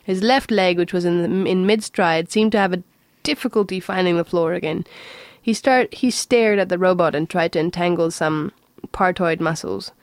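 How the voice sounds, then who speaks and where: A woman narrating a science fiction story in a steady, even reading voice. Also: lowish voice, normal speed, no room sound. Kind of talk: audiobook reading.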